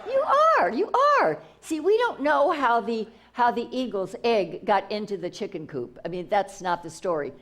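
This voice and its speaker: Lively, enthusiastic woman spiritual teacher. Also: medium pitch, normal speed, hardly any pauses, a little hiss or hum. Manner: enthusiastic, repetitive, restarts often. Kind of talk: inspirational talk.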